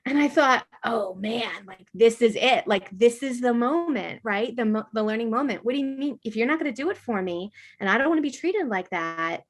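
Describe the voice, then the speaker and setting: A middle-aged woman, a podcast guest, telling a school story in a casual, animated way, with lots of filler words. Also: fairly high pitch, moderate pace, few pauses.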